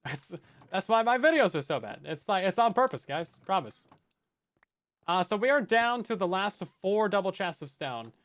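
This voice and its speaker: Chatty, slightly high-voiced young male gamer. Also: very animated, normal speed, a bit bright. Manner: chatty, self-mocking, talks to chat while building. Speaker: Minecraft let's play host. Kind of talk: casual gameplay commentary.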